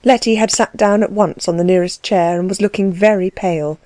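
A woman with a medium-pitched voice reads a novel aloud as an audiobook narrator. The scripted narration is measured and even in its storytelling, with no room sound.

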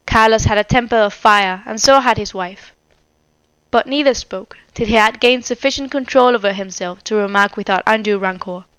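A woman reading a storybook aloud in measured, expressive narration. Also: mid-range voice, clear, resonant tone, no echo. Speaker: audiobook narrator. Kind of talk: scripted narration.

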